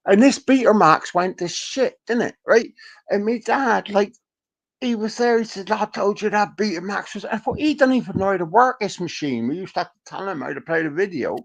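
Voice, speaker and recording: A man's voice: high-pitched, fairly quick, vocal fry. A man, chatting casually as co-host and telling swear-laden stories, acting out his family's voices. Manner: profane storyteller, animated quoting of family. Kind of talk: casual chat.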